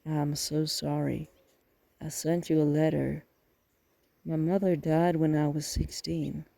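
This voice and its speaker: A man voicing a polite, careful young man in an audiobook, in a flat, gravelly voice. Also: on the high side, slow pace, no room sound, low-quality recording. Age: young adult.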